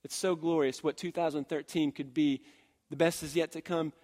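High-voiced pastor guy preaching, gets loud and punchy then drops soft for stories, lots of "and, and" restarts. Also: fairly even intonation, moderate pace. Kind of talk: sermon.

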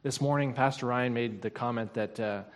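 A man's voice: medium pitch, moderate pace. A male pastor preaching a sermon, building to emphatic repeated scripture lines and questions to the congregation. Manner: preaching with swelling intensity and emphatic repetition. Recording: long hall reverb.

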